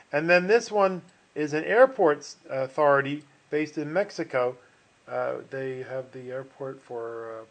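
A middle-aged man teaching a finance class online, rambling and folksy, with many restarts and fillers. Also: mid-range voice. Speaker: finance instructor.

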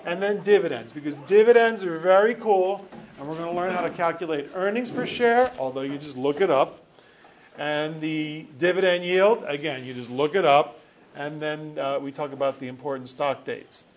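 A man's voice: fairly high pitch, normal speed. A male teacher giving a classroom lecture, joking with students and correcting himself as he rambles.

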